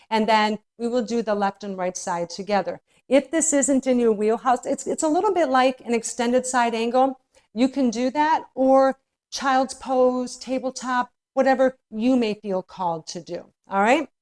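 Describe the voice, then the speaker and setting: A woman's voice: fairly high pitch, moderate pace, a little mellow. Encouraging woman yoga instructor, slightly breathless. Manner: soothing, encouraging, spiritual phrasing with frequent "right?". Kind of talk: guided yoga class instruction.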